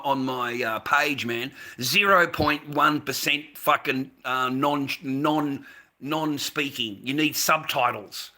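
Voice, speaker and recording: An Australian man with a very bright, sharp-edged voice, streaming live to his viewers. He rambles and swears constantly, one moment ranting at full tilt and the next trailing off low and weary. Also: slow pace. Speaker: livestream host. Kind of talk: casual livestream talk to viewers.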